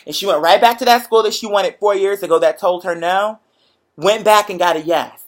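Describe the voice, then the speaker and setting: A young man hosting a show, chatting to viewers in a lively, profane, motivational storytelling way. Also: high-pitched, brisk. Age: young adult. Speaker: show host. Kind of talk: casual livestream chat to viewers.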